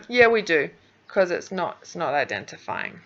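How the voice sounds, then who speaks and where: A woman's voice: fairly low pitch, sing-song, a little slow, sharp tone, dull audio. A woman whose first language is Spanish, an English teacher giving recorded feedback on a speaking task, patiently sounding out words for pronunciation.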